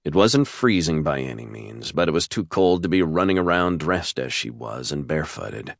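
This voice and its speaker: A man narrating a romance audiobook in a measured, steady storytelling voice, recorded close to a studio mic. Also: extremely low pitch, vocal fry, no room sound.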